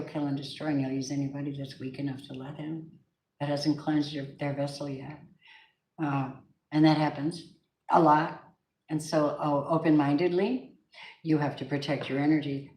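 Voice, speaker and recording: Low-voiced woman giving a chatty tarot reading. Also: darkish tone. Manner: chatty, emphatic, sings snatches of songs. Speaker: tarot reader. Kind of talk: casual tarot reading monologue. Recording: echoey room with faint noise.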